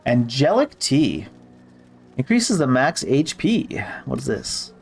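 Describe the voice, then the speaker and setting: A man's voice: medium pitch, wildly swooping pitch, takes it slowly, creaky, slightly rough, faint music behind. A man giving casual gameplay commentary who reads game text aloud and swears offhandedly. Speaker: gamer.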